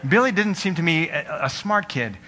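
Bright-voiced young man preaching in a reverberant hall. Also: on the high side, animated, normal speed, a little hiss or hum. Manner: earnest storytelling with quoted voices. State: tired. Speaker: pastor. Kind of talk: sermon.

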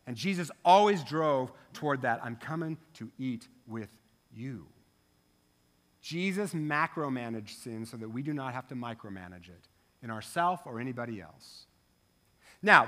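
A man delivers a sermon in a church sanctuary, his voice pitched high for a man and ringing bright. He talks conversationally, tossing quick asides to the congregation. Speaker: pastor.

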